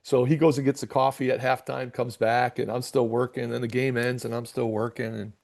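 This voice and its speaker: A middle-aged man with a gravelly, mellow voice spins a story for a podcast interview. He acts out both sides of old conversations, stumbling and repeating words as he goes. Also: mid-range voice, little pitch movement, fairly quick. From Michigan. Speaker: basketball coach, guest.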